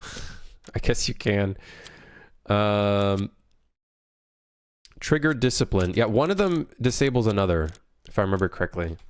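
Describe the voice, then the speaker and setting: Low-voiced man chatting on a dev stream. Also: lively intonation, clear, resonant tone, no echo. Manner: loose and halting, many fillers, reads chat aloud. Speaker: game developer streaming. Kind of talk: casual livestream chat reading viewer comments.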